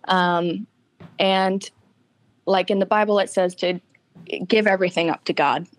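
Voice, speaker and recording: A woman's voice: mid-range voice, steady tone, measured pace, dry recording. A woman guest giving a candid, emotional personal account in an interview, tearful at times.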